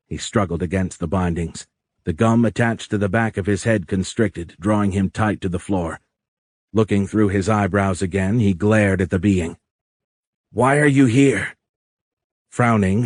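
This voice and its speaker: A man narrating an audiobook in a measured, even reading. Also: low-pitched, no echo, studio quality.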